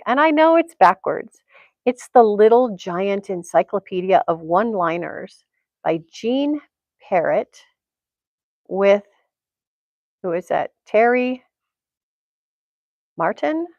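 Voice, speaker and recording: A woman's voice: mid-range voice, darkish tone, dry recording, highs cut off. A woman from Tennessee hosting a casual livestream from home, chatting in a rambling way and laughing often. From Tennessee, USA. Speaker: livestream host. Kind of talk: casual chat. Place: home, indoors. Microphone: computer mic.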